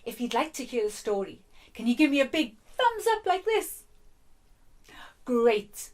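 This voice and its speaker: A woman presenting a children's show, speaking in a gentle, encouraging way. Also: fairly high pitch, sing-song, unhurried. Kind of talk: children's song time. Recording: loud guitar accompaniment.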